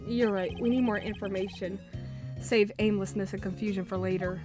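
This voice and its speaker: A woman's voice: mid-range voice, steady tone, moderate pace, close to an everyday voice. A woman voicing an earnest, plain-spoken young male defense attorney, close to her own voice. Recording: game music underneath.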